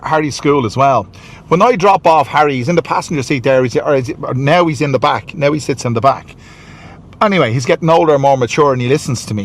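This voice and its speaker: A man vlogging into a handheld camera outdoors and in his car, rambling, repeating himself and sounding pleased with himself. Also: a little high. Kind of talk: walking vlog monologue. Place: outdoors in a city street and car.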